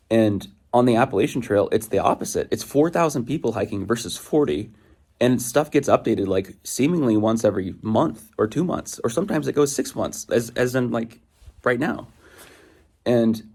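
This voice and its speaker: A man's voice: fairly low pitch, a little mellow. A young man vlogging from a hiking trail, ranting in an exasperated, rambling way and drifting off on tangents. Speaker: thru-hiker vlogger. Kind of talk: rambling outdoor vlog monologue.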